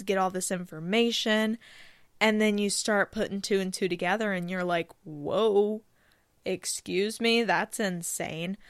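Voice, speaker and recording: Speaking close to a studio microphone, a woman hosts a solo podcast, chatting casually, rambling off topic and putting herself down. Her medium-pitched voice has a clear, resonant tone, and the recording is dry.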